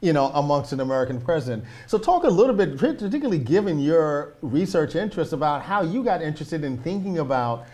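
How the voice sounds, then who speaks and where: A man's voice: a little high, big pitch swings, quick pace, hardly any pauses, dark tone. A man hosting an academic talk show, chatting conversationally with frequent "you know" and "right". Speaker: host.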